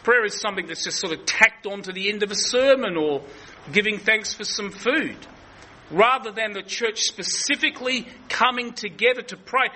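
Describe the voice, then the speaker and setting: A man's voice: high voice, moderate pace, sharp tone, rough recording. A man preaching an earnest expository sermon, often restarting his sentences.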